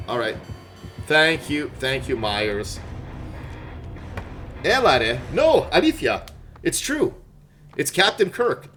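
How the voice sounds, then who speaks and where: A young adult man from Montreal, Canada, with a medium-pitched, fairly bright voice, live-streams a game. He's chatty and jokey, reading and answering his chat casually.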